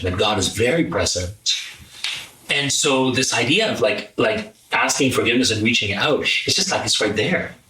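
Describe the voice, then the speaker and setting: A man's voice: lowish voice, bright, forceful tone. A man as an interview guest, explaining his ideas in an earnest, thoughtful way and thinking aloud as he tells a story. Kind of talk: reflective conversational explanation. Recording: roomy, distant mic, faint noise.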